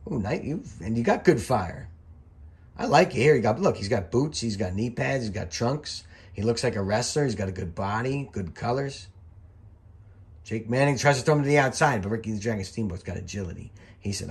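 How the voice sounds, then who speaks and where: A middle-aged man, a former wrestling referee, giving casual, rambling commentary over old match footage and swearing freely as he gets worked up. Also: mid-range voice. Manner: rambling, chatty, profane, quick to get worked up.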